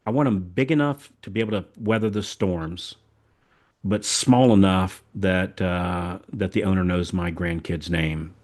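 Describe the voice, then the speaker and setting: A man's voice: deep voice, unhurried, darkish tone. An older man from the American South hosting a podcast, talking in a casual, rambling, folksy way and often repeating words as he goes. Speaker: podcast host. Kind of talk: casual chat.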